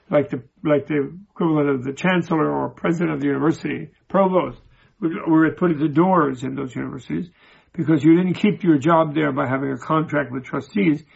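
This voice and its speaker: A man giving an informal Buddhist teaching, telling stories in a halting way, often repeating and restarting his words. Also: on the high side, gravelly, slightly rough, lo-fi sound. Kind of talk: informal spoken teaching with storytelling.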